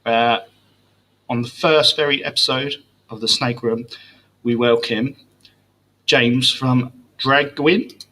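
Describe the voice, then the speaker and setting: Bright-voiced male podcast host. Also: medium pitch, fairly even intonation, unhurried, long pauses. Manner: easygoing, friendly, says "mate". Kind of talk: casual livestream chat.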